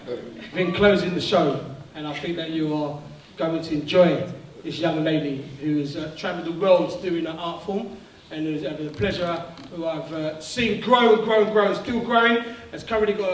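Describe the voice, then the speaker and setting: A man's voice: fairly high pitch, normal speed, reverberant, far from the mic, slight background noise, rough recording. A man acting as master of ceremonies, introducing the next performer on stage. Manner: builds up to a loud announcement.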